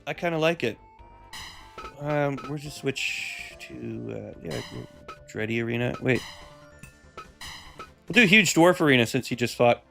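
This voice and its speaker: A man's voice: mid-range voice, animated, measured pace, creaky, long pauses, pushed and bright. Laid-back male streamer, game music behind. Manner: laid-back, chatty, with play-by-play calls. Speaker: streamer and host of a game fight night. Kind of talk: casual live-stream commentary.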